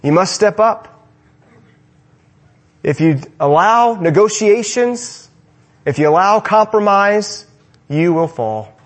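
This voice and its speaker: A young man preaching a sermon to men, with emphatic repeated rhetorical questions, swinging between loud and soft, and ending in prayer. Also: high-pitched, lively intonation, takes it slowly, pauses often.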